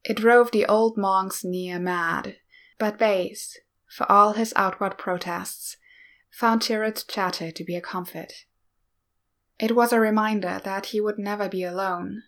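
A woman reading a story aloud in a calm, measured narration. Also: mid-range voice. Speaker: reader. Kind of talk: fan fiction read aloud.

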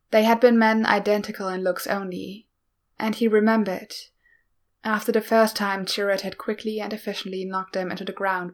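A woman narrating a piece of fan fiction in a slow, even, subdued reading. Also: mid-range voice. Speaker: audiobook reader.

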